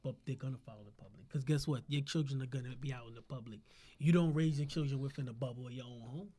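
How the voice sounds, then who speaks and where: A man's voice: medium pitch, fast talker, dark tone. A man hosting a casual podcast, preaching with rhetorical questions and a constant "you know what I'm saying". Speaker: podcast host.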